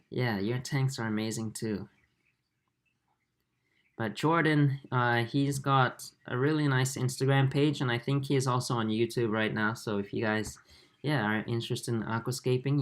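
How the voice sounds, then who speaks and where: Soft-spoken young man chatting on a livestream. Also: mid-range voice. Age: 20s. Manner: soft-spoken, halting, with many fillers. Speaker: aquarium channel host. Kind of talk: livestream chat, reading viewer comments.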